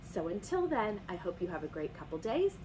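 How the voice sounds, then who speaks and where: Animated woman reading to children. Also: fairly low pitch, a little fast, background noise. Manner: animated, asks the kids questions. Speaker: children's librarian. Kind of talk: picture-book read-aloud for kids.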